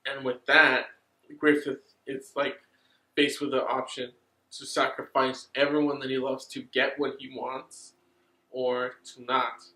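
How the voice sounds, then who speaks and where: A man's voice: mid-range voice, reverberant, poor audio. A man casually recapping an anime plot, swearing often and getting worked up. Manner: excited, swears a lot, drawn-out pauses. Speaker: anime reviewer.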